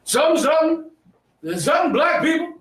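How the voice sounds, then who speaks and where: Guy teaching a class, high voice, preachy and emphatic, mic far away in an echoey room. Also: slow pace, fairly bright tone. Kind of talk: lecture to a class.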